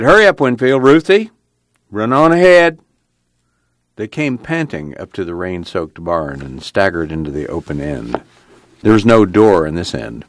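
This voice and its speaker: A man's voice: sits low, no room sound. A man narrating an audiobook.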